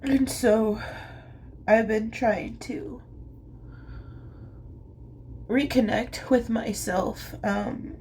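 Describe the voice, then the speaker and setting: A young woman vlogging, speaking through tears in a small voice, halting and soft, with whispery asides. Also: a little high, steady tone, slight background noise. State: crying. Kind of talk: tearful confessional monologue.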